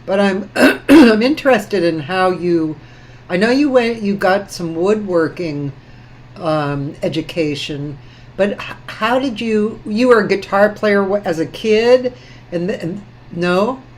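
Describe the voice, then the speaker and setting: A woman hosts a relaxed interview, feeling her way through each question. She speaks slowly and often trails off or starts over. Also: mid-range voice. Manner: unhurried, halting, with fillers. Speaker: host. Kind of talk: casual interview.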